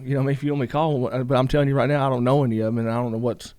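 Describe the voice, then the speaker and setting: A man's voice: medium pitch, little pitch movement, very fast, warm tone, no room sound, clean studio sound. A man, a guest telling a long story in a casual interview, rambling with lots of "you know" asides.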